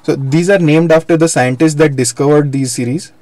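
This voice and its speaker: Guy teaching physics online, kinda high voice, dry mic, explains stuff step by step. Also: fairly even intonation, a little fast, a little mellow, no echo. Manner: explanatory, repeats and self-corrects. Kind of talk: live online lecture.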